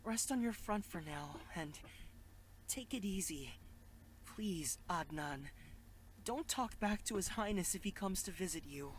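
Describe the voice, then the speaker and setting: A performer voicing a gentle, worried young palace boy who sounds tearful and pleading, for a visual novel read aloud. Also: medium pitch, expressive, unhurried, close to an everyday voice. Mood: worried, tender.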